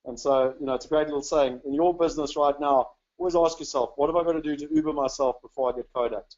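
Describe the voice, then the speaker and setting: A man's voice: fairly high pitch, fairly even intonation, quick pace, a little mellow, lo-fi sound. A South African man from South Africa giving a casual, chatty webinar talk, upbeat and full of "you know" fillers. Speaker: webinar presenter.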